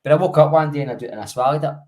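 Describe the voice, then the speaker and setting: A man's voice: fairly high pitch, racing, darkish tone. A Scottish man in his late thirties, a podcast co-host telling rambling, self-mocking, sweary stories in casual chat. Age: 30s.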